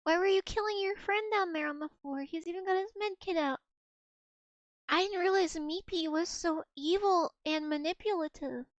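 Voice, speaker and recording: A young woman with a strikingly high, girlish voice chats with her viewers while she plays. She teases them, curses freely and keeps the banter playful. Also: moderate pace, dry recording, muffled recording. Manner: playful, swearing, teasing banter with chat. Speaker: game streamer. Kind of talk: casual live gameplay stream chat.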